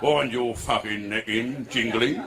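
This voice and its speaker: A man voicing a gruff policeman and former sergeant major who barks and swears, over club crowd noise. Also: medium pitch, a little slow, voice pushed down, natural voice. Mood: barking. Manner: barking and swearing.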